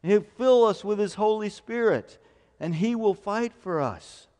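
A male pastor preaching a sermon, quoting scripture at length and rising to loud, emphatic declarations. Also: high voice, animated, a little slow. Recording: long hall reverb.

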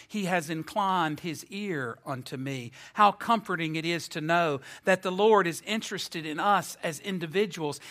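A male preacher delivers an earnest, emphatic sermon, stretching out the key phrases. His voice sits high and sounds bright and forceful.

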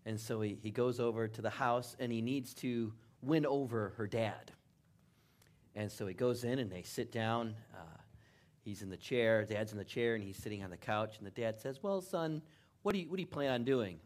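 A man preaching as a pastor, who tells jokes and leads a prayer in a lively storytelling manner. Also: fairly low pitch, normal speed. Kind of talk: sermon.

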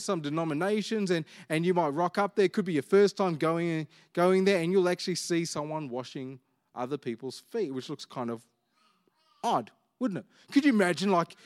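A man preaching a sermon, reading scripture and then talking it through in a conversational way, acting out the disciples' bickering. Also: sits high. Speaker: pastor.

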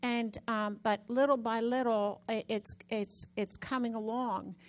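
A woman minister talking casually about recovering from a hand injury, telling the story in a chatty, animated way with many restarts. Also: on the high side, measured pace. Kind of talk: casual testimony.

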